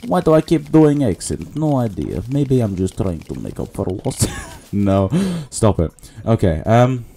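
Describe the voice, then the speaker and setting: A man's voice: fairly low pitch, big pitch swings, unhurried, creaky, mellow, slight background noise. A man giving casual let's-play commentary, muttering a running narration of what he does to himself and his viewers. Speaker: gaming channel host.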